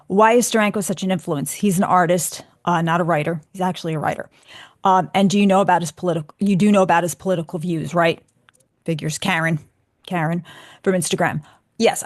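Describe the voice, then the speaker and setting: A woman's voice: on the low side, dry recording, studio quality. A woman hosting a radio show, chatting candidly and with feeling as she answers listener questions. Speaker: radio show host and author.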